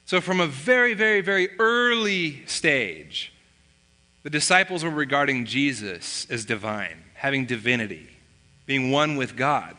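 A man's voice: medium pitch, lively intonation, unhurried, sharp tone, big-room sound. A man preaching a sermon as a pastor, teaching in a conversational way and posing rhetorical questions to the congregation.

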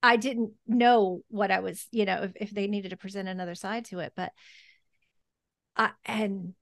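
Emotional woman host with a gravelly edge. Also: medium pitch, steady tone, no room sound, studio quality. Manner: halting, emotional, many restarts and fillers. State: close to tears. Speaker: podcast host. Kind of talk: heartfelt personal story in conversation.

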